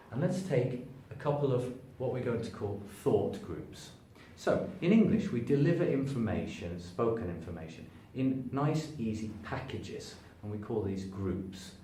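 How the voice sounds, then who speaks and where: A man teaching English pronunciation to camera, stretching and stressing words to show each point, stepping toward and away from the camera. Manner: demonstrates stress by stretching words, lively shifts in pitch. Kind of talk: spoken English lesson to camera. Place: room standing before a sign. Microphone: camera at a distance, moving toward and away from it. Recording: echoey room, voice from a distance, faint background noise.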